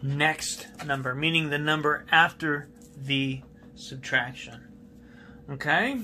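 A male math teacher gives a recorded classroom lesson in a fairly high, bright, forceful voice, speaking slowly with slight background noise. He writes on a board while patiently repeating key steps and asking students questions.

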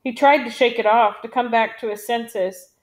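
A woman narrating an audiobook in a measured, dramatic storytelling manner. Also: on the high side, fairly even intonation.

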